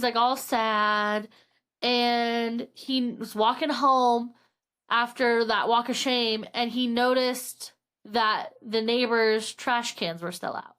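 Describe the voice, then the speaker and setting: A woman's voice: fairly high pitch, fairly bright tone, smooth. A young woman co-hosting a podcast, casually retelling a book's plot, acting out the characters' lines and swearing freely. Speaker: podcast co-host. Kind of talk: casual book recap chat.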